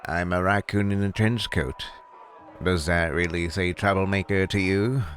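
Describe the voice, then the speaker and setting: A man's voice: low voice, fairly even intonation, normal speed, fairly bright tone, slight background noise. Man reading as a cocky raccoon photographer. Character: male raccoon private photographer, cocky and coy. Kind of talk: reading game dialogue aloud.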